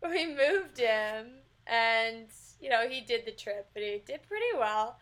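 A young woman co-hosting a casual podcast, telling stories with loud laughs and free swearing. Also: fairly high pitch, a little slow. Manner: animated storyteller, swears freely, laughs loudly. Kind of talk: casual chat.

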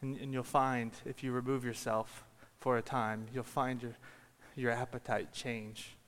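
A man delivers a sermon in a church, mid-pitched and unhurried. He tells stories and rises to loud peaks, and the long reverb of a large hall trails after each phrase. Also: little pitch movement. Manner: storytelling, builds to shouted climaxes. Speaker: preacher.

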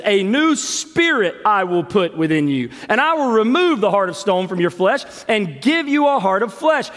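Fiery high-voiced preacher in a reverberant hall. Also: male voice. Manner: preaches worked up, shouting and sweating, then drops quiet. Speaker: pastor. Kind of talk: sermon. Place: church sanctuary.

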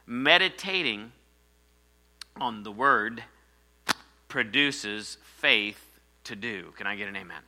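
A man preaching a sermon, swinging between loud rises and quiet drops and calling for amens. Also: lowish voice, lively intonation, slow, long pauses. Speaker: pastor.

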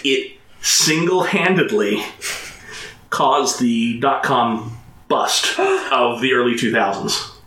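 A man co-hosting a casual movie podcast, lively and talkative. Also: mid-range voice, slow. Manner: animated, quotes film lines in put-on voices. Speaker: podcast co-host. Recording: echoey room with faint noise.

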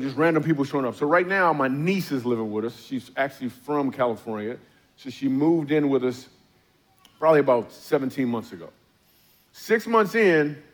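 Man telling comic stories on a church stage. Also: mid-range voice. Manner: conversational storyteller, acts out his own and others' lines. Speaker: comedian preaching at a church service. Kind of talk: stand-up comedy storytelling.

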